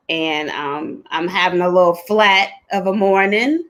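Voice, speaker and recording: A woman hosting a live-streamed talk show, speaking candidly and conversationally with slow, drawn-out pauses. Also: fairly low pitch, a bit bright. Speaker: host.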